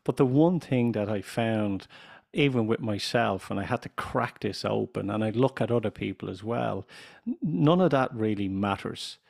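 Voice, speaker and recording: A man in his fifties with an Irish accent, speaking slowly and deliberately as a podcast guest, with dry jokes. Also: fairly low pitch, expressive, gravelly, darkish tone. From Ireland. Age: 50s. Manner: slow, deliberate, joking. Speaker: guest, business consultant. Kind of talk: podcast interview.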